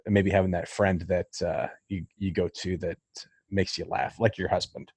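A man's voice: deep voice, flat delivery, normal speed, vocal fry, a little mellow, breathy edge, no echo. A man hosting a podcast in casual chat, playful and self-mocking, now and then putting on silly voices. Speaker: podcast host.

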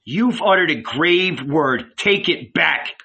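A man reading an audiobook, voicing a calm, gentle male rabbi who speaks earnestly. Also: a little high, takes it slowly, vocal fry, husky, pitched above the performer's own voice, full character voice. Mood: hurt.

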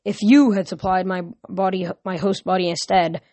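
A woman's voice: on the low side, steady tone, moderate pace, mellow, dry recording, natural voice. A woman voicing an ancient male Titan lord, mocking and threatening, in a storybook read-aloud with a dry, close sound. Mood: menacing.

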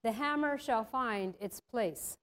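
A woman reading the lines of a firm but kind male angel in a storybook, with a solemn, unhurried delivery. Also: on the high side, a bit bright.

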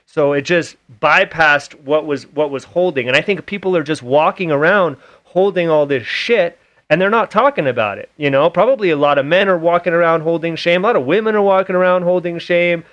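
Guy with kinda high voice hosting his podcast, candid, swears a lot, just chatting. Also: a little fast, fairly bright tone, muffled recording. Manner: candid storytelling, swears freely. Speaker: podcast host. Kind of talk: casual conversation.

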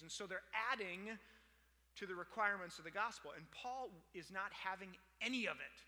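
A man's voice: high voice, normal speed, bright, forceful tone. A man preaching a conversational sermon, telling stories with lots of filler words. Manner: storytelling, chatty with many fillers. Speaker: pastor. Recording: long hall reverb.

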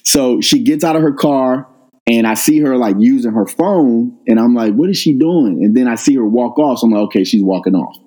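A middle-aged man, a guest on an interview, telling a personal story in a casual, animated way and jumping up in pitch when he quotes himself. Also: brisk, low-quality recording. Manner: animated retelling, rises sharply when quoting himself. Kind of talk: conversational storytelling.

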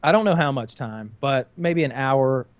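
A man's voice: mid-range voice, normal speed, dry recording. A man telling a long story in casual chat, rambling and profane with frequent restarts.

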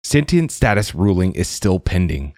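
A man's voice: low-pitched, very animated, moderate pace, darkish tone, no echo, clean studio sound, pitched above the performer's own voice. A man voicing a stubborn, defiant old woman scientist who talks insistently in a storybook reading. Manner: insistent, urgent.

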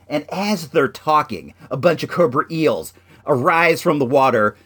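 A man casually chatting to the camera about an action figure in his collection, laid-back and excitable, peppering his talk with "like" and "dude". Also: fairly high pitch, unhurried, slightly rough. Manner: excitable, voice jumping up and down.

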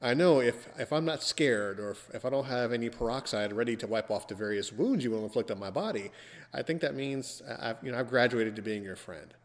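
A man's voice: mid-range voice, expressive, brisk, long reverb tail. A man hosting a casual podcast, teasing his guest in a playful, theatrical way. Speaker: podcast host.

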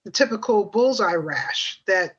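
A woman's voice: medium pitch, animated, a little slow, fairly bright tone, breathy edge, dull audio. A woman guest on a podcast telling a personal story in a chatty way, with many fillers and asides.

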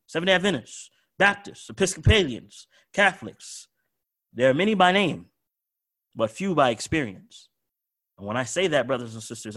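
Male preacher, slightly high-pitched, emphatic sermon delivery with swelling repetitions. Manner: emphatic, swings from soft to loud with repetition.

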